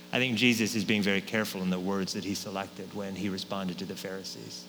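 A man preaching a sermon as pastor, speaking conversationally and often checking in with his listeners with a quick "right?". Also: sits low, level tone, fairly bright tone. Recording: long hall reverb, faint hum.

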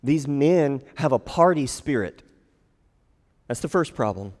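A man's voice: medium pitch, animated, unhurried, a little mellow. A man preaching a sermon, acting out quoted lines in a raised voice. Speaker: pastor. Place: church sanctuary. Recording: long hall reverb.

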